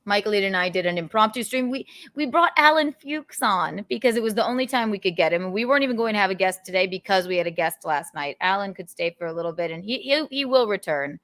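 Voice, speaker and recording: A woman's voice: mid-range voice, expressive, fast talker, hardly any pauses, a bit bright. A young adult woman hosting a podcast, chatting casually and rambling with lots of giggles. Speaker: podcast host. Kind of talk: casual chat.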